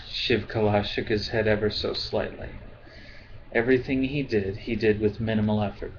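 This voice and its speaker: A man reading a novel aloud in a slow, calm way, as an amateur audiobook reader. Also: fairly low pitch, highs cut off, a little hiss or hum. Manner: slow, calm, apologetic about his accents.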